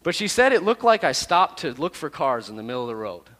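A man who is a youth pastor, telling a personal story to his youth group in a lively, self-deprecating way. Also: fairly high pitch, quick pace, long reverb tail.

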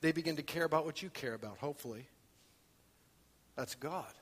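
A man preaching a sermon in church, swinging from quiet talk to loud shouting. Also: fairly high pitch, a little fast, slightly rough, long reverb tail. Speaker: pastor.

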